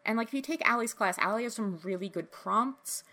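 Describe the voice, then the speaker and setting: Gushing woman co-host, bright tone. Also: on the high side, fairly quick. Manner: gushing, excitable, many restarts. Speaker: podcast co-host. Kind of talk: casual chat.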